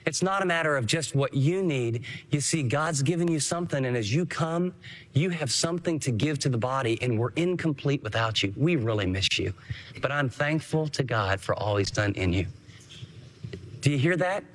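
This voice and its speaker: A man's voice: mid-range voice, animated, normal speed. A man preaching a sermon as pastor, earnest and emphatic, acting out short quotes.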